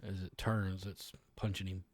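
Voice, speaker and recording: A man's voice: low voice, little pitch movement, normal speed, no echo. A man with a Southern US accent, co-hosting a podcast in casual chat, chiming in with brief, dry remarks. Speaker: podcast co-host.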